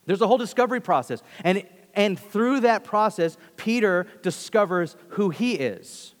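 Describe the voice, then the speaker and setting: A man's voice: sits high, lively intonation, moderate pace. A man preaching a sermon earnestly, often repeating phrases and restarting sentences. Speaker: pastor. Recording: long hall reverb.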